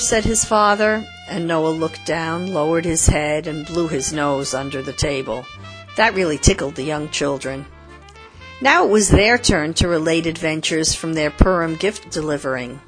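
A woman reading a story aloud in a calm, measured narration. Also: low-pitched, faint music behind.

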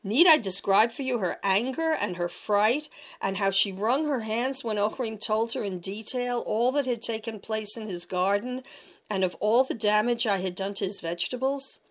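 A woman narrating a storybook tale in a measured, expressive reading voice. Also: a little high.

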